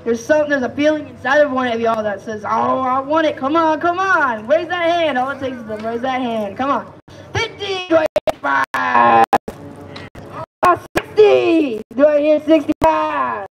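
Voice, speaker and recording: A man's voice: extremely high pitch, moderate pace, gravelly, a bit bright, slight background noise, poor audio. A man calling bids at a live auction, coaxing and pleading with the crowd and repeating each price. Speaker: amateur auctioneer.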